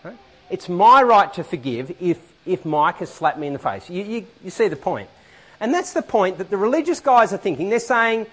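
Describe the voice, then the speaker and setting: A man preaching a sermon in a church hall, animated and often asking the congregation questions. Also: high-pitched, normal speed, slightly rough.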